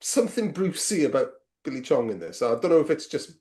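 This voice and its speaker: Guy chatting kung fu films, animated, bit high voiced. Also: brisk. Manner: animated, swears casually, laughs often. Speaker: podcast co-host. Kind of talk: casual film chat.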